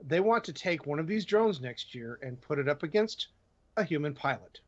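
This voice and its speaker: Male co-host, news reader, somewhat high, hesitant fillers, lo-fi sound. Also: animated, moderate pace. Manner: reads news items with many ums and uhs. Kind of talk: casual livestream chat, reading tech news.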